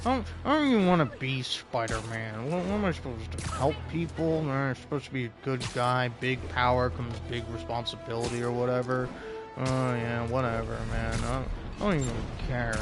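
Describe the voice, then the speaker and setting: A man's voice: mid-range voice, animated, a little fast, over music. A young man streaming a game, rambling, swearing and joking at his own expense in casual chat. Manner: rambling, swearing, self-deprecating.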